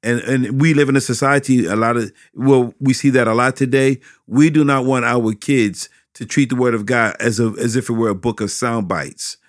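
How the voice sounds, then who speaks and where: A man's voice: medium pitch, normal speed, few pauses, no echo. A middle-aged pastor talking in an interview, building energy as he drives home his points and repeating phrases for emphasis. His voice sits in a normal male range. The sound is dry and close, with little room around it. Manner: animated, preacherly emphasis with repetitions. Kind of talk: interview answers about teaching children.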